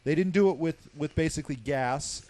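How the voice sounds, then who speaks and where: A man's voice: on the high side, fairly quick, crowd noise. Heated, profane male talk show host. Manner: heated, profane, says "basically" a lot. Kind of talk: casual radio talk show chat.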